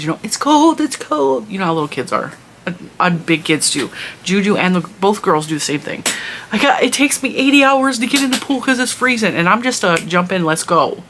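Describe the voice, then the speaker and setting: A woman's voice: low voice, a bit bright, slight background noise. A woman telling a long story in a casual vlog, chatty and rambling with lots of restarts. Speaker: vlogger and mother.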